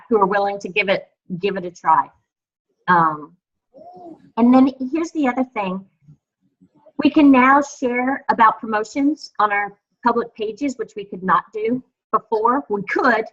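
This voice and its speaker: Leading her team over a video call, a woman with a fairly bright voice on the high side is chatty, encouraging, and full of fillers. She's picked up by a computer mic, so the audio sounds dull and lo-fi.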